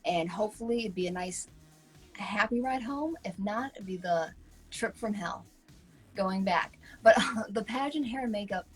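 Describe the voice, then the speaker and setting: A woman co-hosts a casual online chat, spinning stories with lively ups and downs. She slips into voices for the people she quotes. Faint music sits behind her. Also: mid-range voice, normal speed, husky, poor audio. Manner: animated storyteller who acts out quoted voices. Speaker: co-host.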